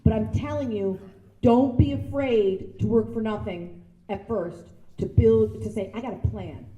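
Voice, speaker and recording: A woman gives a guest speech made of lively anecdotes, slipping into other people's voices as she goes. Her voice sits a little high but sounds mellow and soft-edged. The sound carries the roomy echo of a large hall. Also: a little slow, dull audio. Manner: animated storytelling, acting out voices with laughter. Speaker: guest speaker. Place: large sound stage before an audience. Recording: echoey room.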